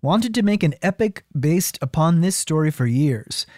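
A man's voice: on the high side, animated, normal speed, darkish tone, no room sound. A man co-hosting a comedy podcast, reading a film review aloud between jokes and laughter. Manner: reads review passages aloud, breaks into laughter. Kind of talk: casual comedic chat.

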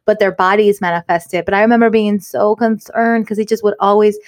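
A woman co-hosting a podcast, a mother of three telling stories in animated casual chat. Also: mid-range voice, brisk. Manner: animated storytelling. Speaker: podcast co-host.

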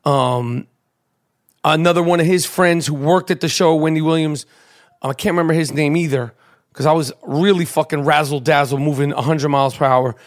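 A man from Brooklyn, hosting a podcast and telling a boastful, profanity-laden story in an animated rant. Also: on the high side, moderate pace. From Brooklyn, New York. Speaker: podcast host.

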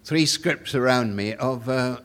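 A man's voice: medium pitch, measured pace, a bit bright. An older man, an author telling anecdotes at a public Q&A, often stammering and repeating words. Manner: stammering repetitions, chuckling asides. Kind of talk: anecdotal storytelling.

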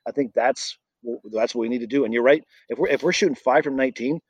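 Quick-talking man giving sports takes. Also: medium pitch, husky, no echo, highs cut off. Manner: opinionated, quick agreeing interjections. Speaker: podcast co-host. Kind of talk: casual sports chat.

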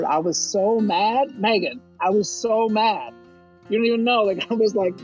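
A high-pitched veteran and motivational speaker from Baltimore, USA, tells his story at a normal speed in an interview. He's an animated storyteller who swears and acts out quotes, over dull audio with soft background music.

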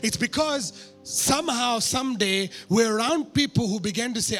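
A man preaching a sermon through a personal story, animated and poking fun at himself. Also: very high voice, moderate pace, faint music behind. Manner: animated, self-mocking humor.

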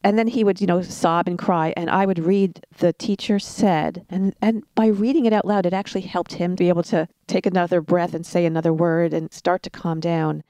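A woman's voice: fairly low pitch, steady tone, brisk, few pauses, no echo. A middle-aged woman telling parenting stories in a casual chat, laughing now and then. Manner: warm storytelling with laughs.

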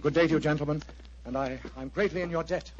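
A man's voice: on the high side, fairly even intonation, fast talker, background noise, natural voice. An actor playing an agitated, earnest clergyman in a vintage radio drama, pleading and intense. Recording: dry, dull lo-fi old radio recording.

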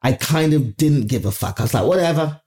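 Nigerian-born woman comic telling a story, swears a lot, animated, does everybody's voices. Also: extremely low pitch, brisk. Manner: animated, profane, acts out other people's voices. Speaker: comedian guest. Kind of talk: storytelling interview anecdote.

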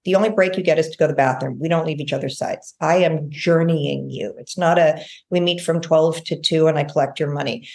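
Woman guest, gravelly voice, lower pitch, animated storytelling, interview. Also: a little fast, hardly any pauses. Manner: lively storyteller, acts out quoted speech. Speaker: guest healer.

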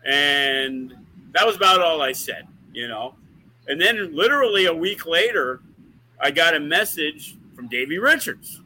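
A man's voice: fairly high pitch, very animated, measured pace, sharp tone, low-quality recording. A man who is a wrestling promoter, telling rambling, profane stories in a casual podcast chat. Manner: profane, rambling, uses lots of fillers.

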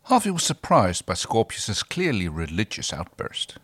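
Low-voiced man narrating fan fiction. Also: wildly swooping pitch, normal speed, fairly bright tone, breathy edge. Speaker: podcast co-host. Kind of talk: reading fan fiction aloud.

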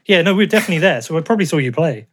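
An English man hosting a podcast in loose, teasing banter. His voice sits a little high for a man, and he talks in a chatty way. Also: expressive, rapid-fire, a bit bright, slightly rough. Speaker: podcast host. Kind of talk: casual podcast chat.

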